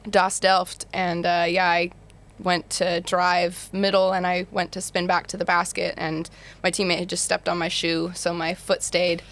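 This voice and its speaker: Chatty American woman, lower-pitched. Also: completely flat delivery, unhurried, few pauses, fairly bright tone. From Utah, USA. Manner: chatty storyteller, laughs easily. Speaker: guest basketball player. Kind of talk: casual podcast chat.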